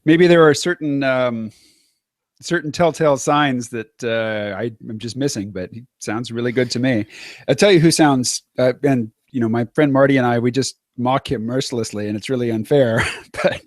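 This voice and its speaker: A man's voice: mid-range voice, normal speed, no room sound, clean studio sound. A man hosting a casual conversation, easygoing with frequent laughs and hesitant fillers. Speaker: podcast host. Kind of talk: casual chat.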